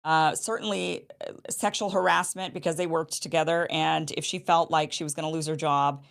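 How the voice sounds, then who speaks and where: A woman's voice: deep voice, steady tone, normal speed, vocal fry, a bit bright. A woman talking through a case in casual commentary, often restarting and repeating phrases as she reasons aloud.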